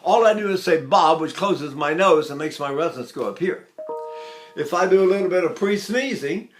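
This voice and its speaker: An older male voice teacher with a high-pitched speaking voice. He talks in a loose, chatty way, stopping often to sing short syllables as demonstrations. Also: lively intonation, normal speed, soft background music. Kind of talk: vocal lesson with sung demonstrations.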